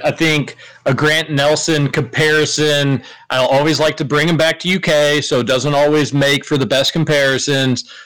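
A man's voice: on the high side, fairly bright tone, rough recording. A man hosting a sports radio show, chatting casually and teasing his co-hosts.

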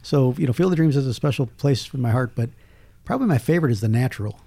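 A man's voice: mid-range voice, fast talker, gravelly, dry recording. A man, a film critic telling jokey stories in casual chat. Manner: storytelling, jokey, lively asides. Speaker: podcast guest, film critic.

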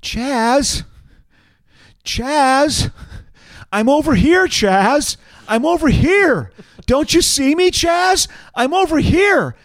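A man voicing a swooning female fan who keeps calling out and pleading in a high falsetto. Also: lively intonation, very slow, fairly bright tone, no room sound, studio quality, exaggerated voice.

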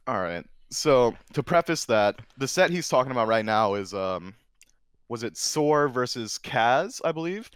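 A man guesting on a podcast, telling a competitive gaming story in a casual, animated way that gets loud and excited. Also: medium pitch, a little slow, clear, resonant tone, no room sound, clean studio sound. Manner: excitable, animated storyteller who drifts into shouting. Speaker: guest, former console champion.

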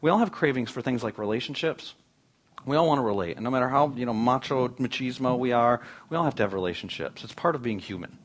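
A man in his thirties, a pastor preaching a conversational sermon with animated storytelling in a church. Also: medium pitch, quick pace.

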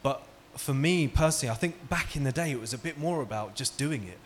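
A man with lively intonation and a mid-range voice talks fairly quickly to an audience in a hall, with slight background noise present. He tells stories and keeps the talk interactive and engaging by asking questions.

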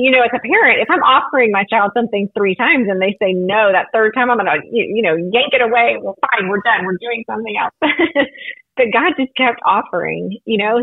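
A woman with a husky, breathy voice, heard over a thin, phone-like line. She talks earnestly and reflectively, telling stories in a faith-based podcast chat. The sound is dry, with no room around it. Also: medium pitch, no room sound. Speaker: podcast guest.

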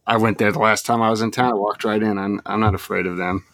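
A man's voice: on the low side, steady tone, fast talker, a bit bright, no room sound. Dry-voiced man telling rambling stories. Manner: rambling storyteller, dry humor. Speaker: podcast co-host, recruiting reporter. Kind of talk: casual chat.

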